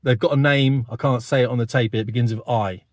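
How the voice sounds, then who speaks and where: A man's voice: medium pitch, fairly even intonation, brisk, a little mellow, slight background noise. A man in his fifties with a British accent, talking bluntly straight to camera and tagging his points with "mate". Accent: British English. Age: 50s. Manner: blunt, conversational, keeps adding "mate". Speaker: online commentator. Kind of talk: direct-to-camera monologue.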